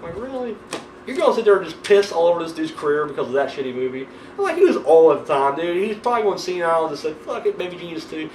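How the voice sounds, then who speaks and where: Excitable, foul-mouthed young man reviewing movies. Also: on the high side, racing, a little hiss or hum. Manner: excitable, rambling, swears a lot. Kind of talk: casual profane movie review. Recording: echoey room, mic at a distance.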